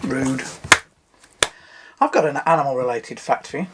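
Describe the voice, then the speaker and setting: A man's voice: mid-range voice, moderate pace, background noise. Easygoing man co-hosting. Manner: easygoing, dry, fond of impressions. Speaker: co-host. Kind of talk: casual podcast chat.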